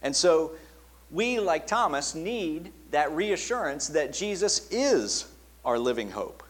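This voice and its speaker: A man preaching a sermon in an earnest tone, dropping soft and quiet when he quotes the words he attributes to Jesus. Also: fairly high pitch, sing-song, slow pace. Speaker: pastor.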